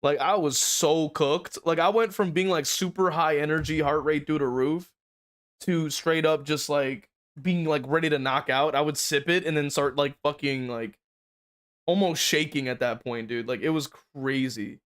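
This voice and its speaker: A young man streams a game with casual, slangy commentary, laughing often and swearing a lot over loud game music. His voice is on the high side, with fairly even intonation and a moderate pace.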